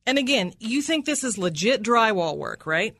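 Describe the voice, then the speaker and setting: Aggressive woman cross-examining, bright tone. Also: on the high side, sing-song, moderate pace, dry recording, clean studio sound. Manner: aggressive, repeats answers back with "right?". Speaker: prosecutor.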